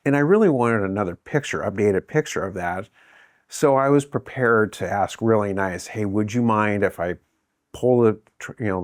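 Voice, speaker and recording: A man's voice: lowish voice, no room sound, clean studio sound. A middle-aged man from Southern California being interviewed, telling a rambling family story and acting out the quoted dialogue. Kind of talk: casual storytelling.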